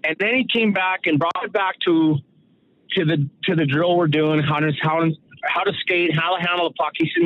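A man's voice: fairly high pitch, fairly even intonation, a little fast, dry recording. Rambling man on a tinny phone line. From Saskatoon, Canada. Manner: rambling, full of fillers and restarts, acts out quoted voices. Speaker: guest, former pro hockey enforcer. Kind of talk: casual storytelling interview.

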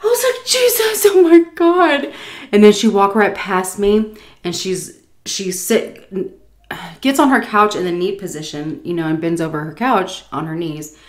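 A woman in her thirties from the United States, casually telling an animated story while eating, often laughing and acting out voices. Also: fairly low pitch, moderate pace. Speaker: food vlogger telling a story.

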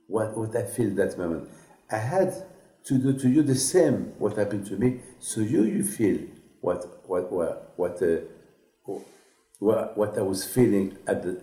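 A man's voice: fairly low pitch, mellow, lightly acted. A man voicing an angry, commanding male emperor in a story told at a religious class. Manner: barking orders, then explaining. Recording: echoey room.

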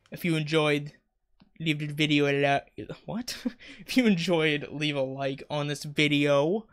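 A young man giving jokey, excitable commentary on a game while he plays, his voice cracking now and then. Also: a little high, clear, resonant tone. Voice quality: voice keeps cracking. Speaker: gaming YouTuber. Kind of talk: let's play commentary.

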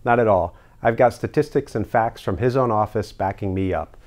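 A man playing a politician in a comedy sketch, talking with confident, lively delivery. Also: lowish voice, moderate pace. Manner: lively, shifting from confident to overeager.

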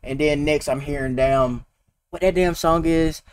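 A young man streaming a game, chatting fast and slangy with his viewers and teasing players. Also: fairly high pitch, smooth. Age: young adult. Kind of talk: casual gaming livestream chat.

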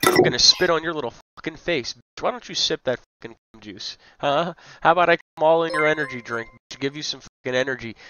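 A man's voice: mid-range voice, pushed and bright, highs cut off, a little hiss or hum. A man trolling strangers on a video chat call, talking in a mocking, crude and abrasive way. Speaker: prank caller on a video chat app.

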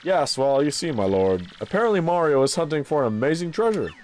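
A man's voice: on the high side, big pitch swings, brisk, darkish tone, soft background music, pitched above the performer's own voice. A man voicing an old female turtle witch who serves her king, fawning and overly polite. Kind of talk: voicing game dialogue during a playthrough.

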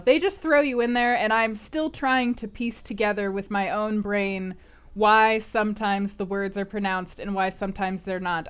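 Chatty American woman, smooth voice. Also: medium pitch. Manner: chatty, self-deprecating, laughs often. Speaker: streamer hosting a book club. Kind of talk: casual chat and book recap.

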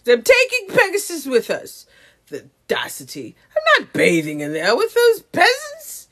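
A woman voicing a snobbish, haughty female avatar who talks with posh, drawn-out airs. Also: very high-pitched, wildly swooping pitch, fairly bright tone, pitched above the performer's own voice, full character voice.

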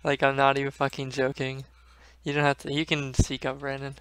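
A man's voice: medium pitch, completely flat delivery, a little fast, clear, resonant tone, no room sound. Exasperated young man venting, swearing. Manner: swearing, exasperated, swings between loud outbursts and muttering. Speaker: gaming vlogger. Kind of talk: venting rant to camera.

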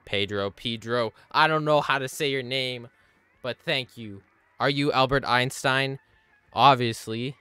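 A man streaming a game live, rambling excitedly to chat, swearing often and making fun of himself. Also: mid-range voice, moderate pace, pauses often, soft background music. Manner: sudden yelps at the game. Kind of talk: casual live-stream chatter.

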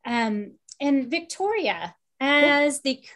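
A woman's voice: high voice, very animated, slow, a bit bright. A woman moderating a book panel on a video call, enthusiastic and affirming as she hands over to the next speaker.

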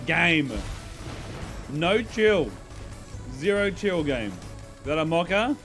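A young man streaming a video game, chatting casually and excitably, swearing and laughing as he plays. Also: fairly high pitch, slow, faint music behind. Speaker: gaming streamer. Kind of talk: live gameplay commentary.

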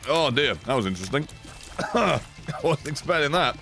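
A man streaming a game, chatting casually and swearing as he thanks viewers, his throat hoarse and strained. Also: fairly high pitch, very animated, moderate pace, pushed and bright, faint music behind. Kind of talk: casual live-stream chat while gaming.

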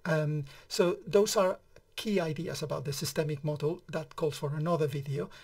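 A man's voice: a little high, steady tone, moderate pace, gravelly, darkish tone. A middle-aged man lecturing on psychiatry in a conversational way, explaining ideas through everyday examples and often restarting his sentences. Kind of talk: recorded lecture.

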